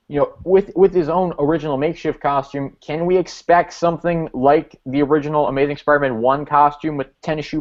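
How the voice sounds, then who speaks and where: A man hosting a casual fan discussion, chatty and asking long rambling questions. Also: on the high side. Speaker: podcast host. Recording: dull lo-fi audio.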